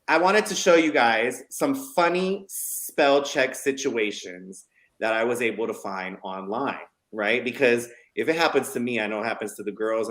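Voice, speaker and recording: A man in the middle of a lively talk show segment, reading out funny messages with lots of energy. His voice sits at an ordinary middle pitch, and his delivery is casual and chatty. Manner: animated storyteller reading funny texts aloud.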